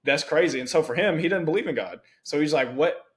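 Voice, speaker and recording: Young guy hosting a podcast, talks fast and loose with lots of "it's like" asides. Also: fairly high pitch. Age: young adult. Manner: animated storytelling with many "it's like" asides. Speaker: podcast host. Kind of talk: conversational interview.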